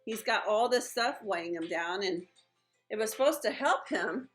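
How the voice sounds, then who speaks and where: A young woman teaching children in a lively, chatty way, retelling a Bible story and acting out the characters' lines. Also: mid-range voice, moderate pace, soft background music, low-quality recording. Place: at home.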